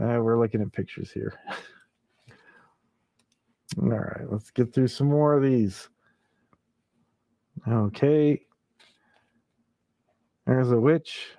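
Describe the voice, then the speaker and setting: A man's voice: medium pitch, warm tone, no echo. A man hosting a casual late-night livestream, chuckling often and reading viewer comments aloud. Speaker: livestream host.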